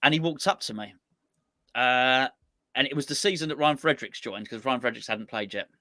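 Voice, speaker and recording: A man's voice: mid-range voice, a little fast, sharp tone, dry recording. A man co-hosting a casual sports chat, bantering and laughing. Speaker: co-host.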